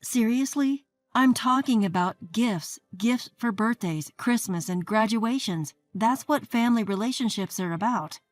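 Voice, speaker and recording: A woman's voice: medium pitch, a little slow, hardly any pauses, faint music behind, lightly acted. A woman voicing a pushy, sarcastic sister-in-law who talks in a righteous, demanding way. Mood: scolding. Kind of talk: scripted story narration.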